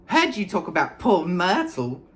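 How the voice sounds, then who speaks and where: Man voicing a wicked little poltergeist, sly, mocking, lively swoops, storybook. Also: high voice, measured pace, pitched above the performer's own voice, heavily acted.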